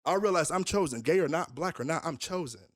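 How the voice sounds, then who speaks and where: A man's voice: on the high side, lively intonation, fairly quick. A young man, a minister, telling his life story candidly in an interview, emphatic and full of rhetorical questions.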